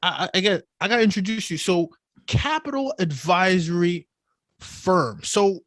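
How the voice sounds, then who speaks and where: A man's voice: sits high, lively intonation, normal speed, fairly bright tone, dry recording. A man hosting a podcast interview, talking with energy and slang and often restarting his sentences. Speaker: podcast host.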